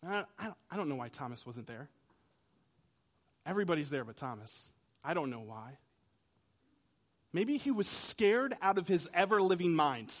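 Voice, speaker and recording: A man preaching a sermon in a conversational way, swinging between loud emphasis and quiet, hushed lines. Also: fairly high pitch, sing-song, normal speed, pauses often. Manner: dramatic shifts between loud and soft. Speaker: pastor.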